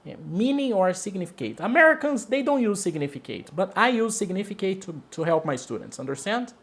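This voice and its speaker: A man's voice: high-pitched, very animated, a little fast, a bit bright. A man with a Brazilian Portuguese accent, a native Portuguese speaker teaching English one-on-one, repeating key words and often checking "okay?".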